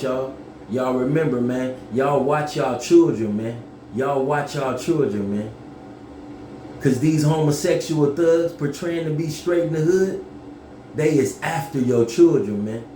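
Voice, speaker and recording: A man telling a story casually to camera, profane and animated, yelling when he acts things out. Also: on the high side, roomy sound, slight background noise.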